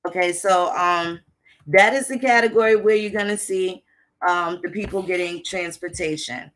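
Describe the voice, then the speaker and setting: A woman's voice: on the low side, moderate pace, fairly bright tone. A woman talks through old archive records in a loose, casual lecture. Her delivery is blunt and conversational, and she swears freely while explaining. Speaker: history channel host.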